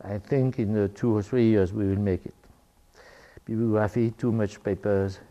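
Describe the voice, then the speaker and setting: A man's voice: lowish voice, fairly even intonation, warm tone. An older French man giving an academic talk in English, with many fillers and restarts. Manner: halting, with frequent fillers and restarts. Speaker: lecturer.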